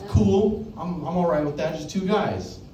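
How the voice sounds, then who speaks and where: A young man tells a crude stand-up story at an open mic, jumping into loud acted-out quotes. His voice sits a little high and carries the echo of a small club, picked up from some distance. Faint room noise stays underneath. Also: animated, normal speed. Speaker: stand-up comedian.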